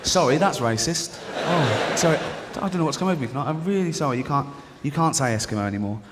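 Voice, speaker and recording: A middle-aged English man doing stand-up comedy, sardonic and mock-apologetic, breaking into shrill put-on voices. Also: animated, quick pace, very noisy. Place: large theater stage before an audience. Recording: live concert recording in a reverberant hall.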